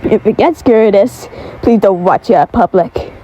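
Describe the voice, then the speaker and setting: Slow, halting woman storyteller. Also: medium pitch, mellow, soft background music, low-quality recording. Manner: halting, stumbling, restarts words. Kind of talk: improvised homemade creepy story narration.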